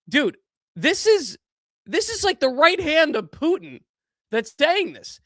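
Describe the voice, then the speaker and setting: A young man hosting a podcast, giving casual political commentary in an animated, incredulous way that keeps trailing off and restarting. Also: extremely high pitch, slow pace, no room sound, clean studio sound. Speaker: podcast host.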